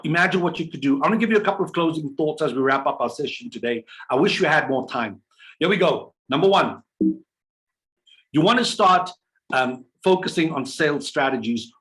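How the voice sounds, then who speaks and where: A male business coach, delivering a motivational sales talk. His voice sits a little on the high side. He drives his points with rhetorical questions and playful little voices for the people he quotes. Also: fairly bright tone.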